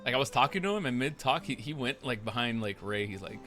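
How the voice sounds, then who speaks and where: A man's voice: medium pitch, lively intonation, fast talker, pushed and bright, faint music behind. A man telling a story in character during a roleplay game. He rambles, swears freely and acts out what others said. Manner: rambling, profane, acts out quotes. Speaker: roleplay player recounting events.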